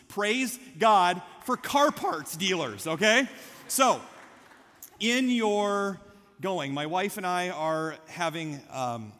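A middle-aged man preaching a sermon as pastor, telling a story in a lively, conversational way. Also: sits high. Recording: long hall reverb.

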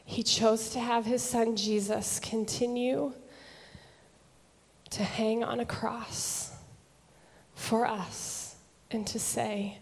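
A woman speaks at a very unhurried pace, with long pauses, her voice a little higher than most. She sinks to a near whisper on the key words of her devotional reflection. A long echo of a large hall carries every phrase. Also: steady tone, gravelly, darkish tone. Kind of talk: slow dramatic devotional reflection.

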